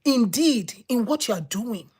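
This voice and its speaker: A woman giving a personal testimony as a sermon, telling her story with repetition and dramatic pauses. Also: on the high side, animated, darkish tone, slightly rough. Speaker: preacher.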